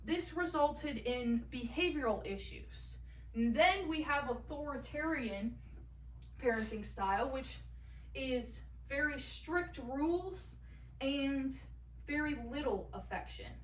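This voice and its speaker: A young woman giving a class presentation, halting now and then with fillers and restarts. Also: high voice, expressive, slight background noise. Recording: echoey room, mic at a distance.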